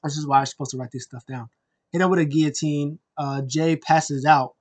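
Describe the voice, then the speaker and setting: Excited man recapping wrestling. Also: fairly high pitch, a little fast. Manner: excited, rambling play-by-play retelling. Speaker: wrestling review host.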